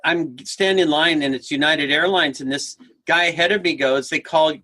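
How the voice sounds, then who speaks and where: A man's voice: on the high side, normal speed, sharp tone. A man telling humorous stories as a guest speaker, acting out the people in them and laughing as he talks. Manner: acts out characters in stories, laughs while talking. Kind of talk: animated storytelling conversation.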